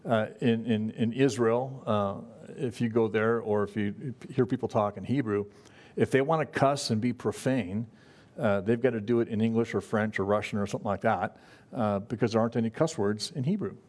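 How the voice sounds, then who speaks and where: A man preaching a conversational Bible-study sermon as pastor, in a folksy, halting way with frequent fillers and restarts. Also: on the low side, darkish tone.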